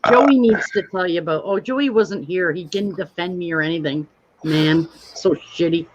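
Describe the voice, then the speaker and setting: A woman's voice: lowish voice, normal speed. A woman hosting a casual live stream. She talks hesitantly and often restarts her sentences. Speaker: stream host. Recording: muffled lo-fi mic with faint hiss.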